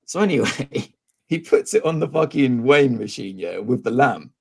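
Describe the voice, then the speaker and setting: A man's voice: mid-range voice, moderate pace, vocal fry, breathy edge. Man telling a story. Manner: animated, acts out both sides of dialogue, swears freely. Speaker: podcast co-host. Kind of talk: casual storytelling chat.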